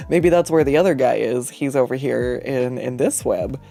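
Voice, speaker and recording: A streamer chats loosely while drawing, rambling through an anecdote with frequent swearing and laughter. The voice sits in a middle pitch. Soft music plays quietly behind. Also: measured pace, creaky. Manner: rambling, profane, laughs often. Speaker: artist and streamer. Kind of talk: casual storytelling while drawing.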